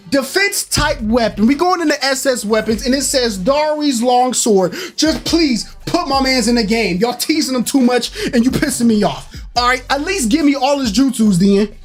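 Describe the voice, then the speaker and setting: Young guy hyping game news on his channel, fake-mad then stoked, faint music under it. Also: very high-pitched. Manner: hyped, animated, swings between mock anger and delight. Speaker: gaming channel host. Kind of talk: excited game news commentary.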